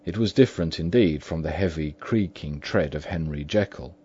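A man reading a story aloud as narrator, in measured, even storytelling. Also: very deep voice, breathy edge. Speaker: audiobook narrator. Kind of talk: scripted narration. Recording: dull lo-fi recording.

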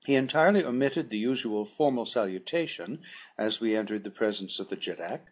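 A man reading a classic adventure novel aloud in a measured, formal storytelling manner, with a husky voice. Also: on the low side, lively intonation, muffled recording. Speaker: audiobook narrator.

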